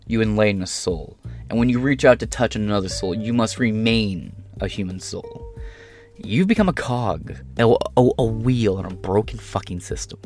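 A man from Canada, hosting a podcast and ranting bluntly with lots of swearing. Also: mid-range voice. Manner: profane, blunt, heated. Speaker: podcast host. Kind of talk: ranting commentary.

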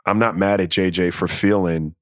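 Lower-voiced man giving earnest opinions. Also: steady tone, normal speed, no room sound, studio quality. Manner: stammering restarts, earnest, opinionated. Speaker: podcast co-host. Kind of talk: casual sports chat.

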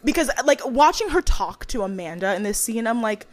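A woman's voice: a little high, fairly quick. A young woman co-hosting a podcast, chatting casually, laughing, ranting and swearing as she recaps a reality show. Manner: animated, swears, laughs, rants, mimics voices. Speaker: podcast co-host.

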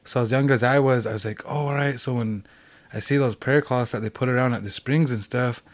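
A man's voice: medium pitch, steady tone, a little fast. A young man from a reservation telling ghost stories as a podcast guest, rambling casually with many fillers and restarts. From Cheyenne reservation, United States. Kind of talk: casual storytelling.

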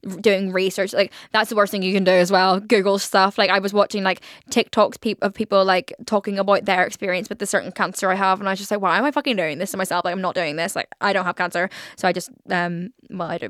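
A woman's voice: mid-range voice, fairly bright tone, dry recording, studio quality. A young woman, hosting a casual podcast monologue, chatty, swearing and saying "like" constantly. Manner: chatty, swears, heavy filler "like". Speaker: podcast host.

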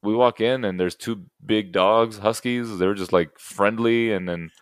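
A young man co-hosting a podcast in casual chat, telling animated stories and acting out the people he quotes. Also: fairly low pitch, unhurried, clean tone, no echo, studio quality. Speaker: podcast co-host.

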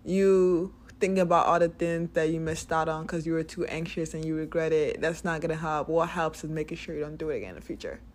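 A young woman talks through self-help advice in a blunt, emphatic way. Her voice sits on the lower side, and she swears without holding back. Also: fairly even intonation, a little fast, hardly any pauses, a little hiss or hum. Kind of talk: motivational self-help talk.

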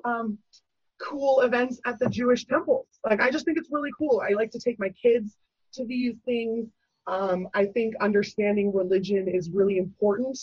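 Woman guest telling her story, husky breathy voice, animated, dry dull-sounding audio. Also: medium pitch, no echo. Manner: animated, acts out quoted voices, many fillers. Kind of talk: candid personal storytelling.

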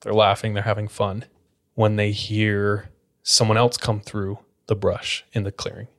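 A man's voice: on the low side, level tone, unhurried. A man hosting a podcast, casually retelling a spooky story, leaning on "like" as he talks. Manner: casual, filler-heavy retelling with frequent "like". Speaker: podcast host.

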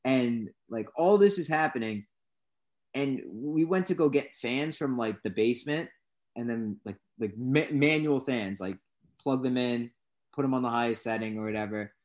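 A man's voice: mid-range voice, moderate pace. A young man co-hosting a casual podcast, telling work stories and acting out his own reactions with animation. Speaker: co-host.

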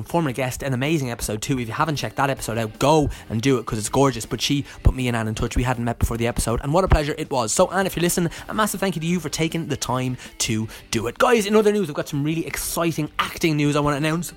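A young man hosting a podcast, chatty and upbeat, joking at his own expense. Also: medium pitch. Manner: chatty, upbeat, self-deprecating. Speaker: podcast host. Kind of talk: casual podcast chat.

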